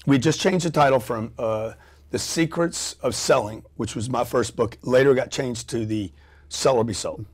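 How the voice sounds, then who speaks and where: A middle-aged man telling a story as a guest on an interview show, animated and profane, acting out scenes with sound effects and quoted voices. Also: mid-range voice, normal speed.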